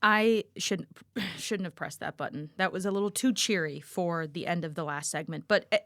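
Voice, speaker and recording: A woman's voice: lowish voice, fairly quick. A woman co-hosting a history review podcast, explaining with a playful, chatty manner. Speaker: teacher and podcast co-host. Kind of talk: casual history review chat.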